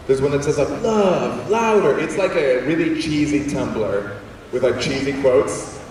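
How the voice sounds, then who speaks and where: A young adult man telling funny stories as a guest speaker in a large school auditorium, animated and acting out quotes in voices. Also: mid-range voice, moderate pace, slight background noise. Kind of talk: comedic storytelling talk. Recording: echoey hall, distant mic.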